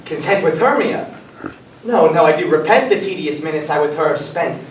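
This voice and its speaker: Brief: student actor as ardent young lover, light tenor, distant roomy stage sound. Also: male voice, on the high side, animated, normal speed, a little hiss or hum, lightly acted. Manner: earnest, wooing verse delivery. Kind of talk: school stage performance of verse. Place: theatre workshop room. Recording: echoey room, from far off.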